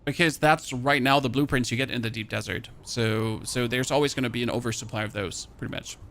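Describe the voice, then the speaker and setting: German guy streaming a game, light german accent, gravelly, just chatting away. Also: medium pitch, fairly even intonation, a little fast, a bit bright, slight background noise. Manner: chatty, rambling, thinks aloud while playing. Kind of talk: casual live-stream chat.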